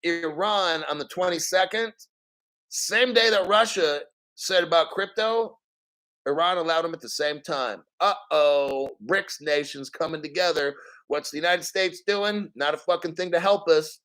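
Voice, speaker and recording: A man with a somewhat high voice rants on a casual livestream. He is profane and emphatic, and he keeps hammering his points with rhetorical questions. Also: unhurried, fairly bright tone. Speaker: crypto livestream host. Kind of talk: casual live-stream rant.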